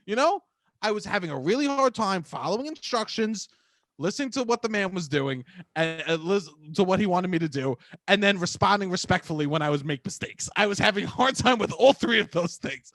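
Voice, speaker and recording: A young man co-hosting a podcast, telling stories in a loud, profane, swinging way. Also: animated, fairly quick, no room sound. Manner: loud, profane, storytelling with big pitch swings. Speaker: podcast co-host. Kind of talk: casual chat.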